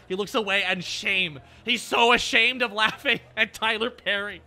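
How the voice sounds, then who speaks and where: A male streamer chatting casually and excitably, laughing often and swearing freely. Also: high voice, moderate pace. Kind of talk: casual chat.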